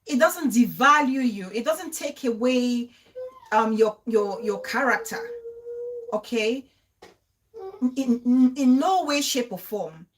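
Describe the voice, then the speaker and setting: A woman's voice: on the high side, expressive, slow. A young woman hosting a casual live-stream talk, chatting and repeating phrases for emphasis. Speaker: show host.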